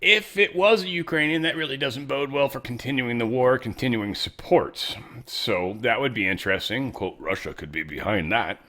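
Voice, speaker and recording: A man's voice: medium pitch, normal speed, hardly any pauses, sharp tone. A man hosting casual political commentary, rambling and profane with sarcastic asides. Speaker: show host.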